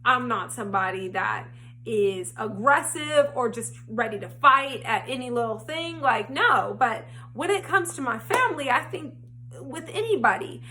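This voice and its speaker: Bright-voiced woman telling a storytime. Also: fairly high pitch, moderate pace, a little hiss or hum. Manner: animated, rising to indignant. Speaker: vlogger. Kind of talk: storytime vlog. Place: home, frogs heard outside.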